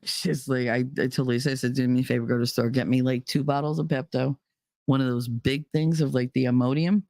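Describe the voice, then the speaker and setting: A woman with a low-pitched voice tells her own story with blunt, profane emphasis. She sounds dry and close, with no room around her. Her delivery is heated and direct. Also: fairly even intonation, a little fast, mellow, no echo. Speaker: podcast host. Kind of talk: personal storytelling.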